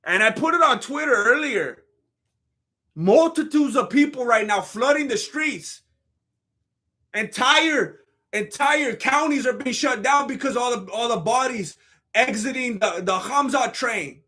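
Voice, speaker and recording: A man's voice: extremely high pitch, measured pace. A man doing casual, jokey live-stream commentary on fight news and thanking chat members. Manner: animated, jokey, reads chat donations aloud.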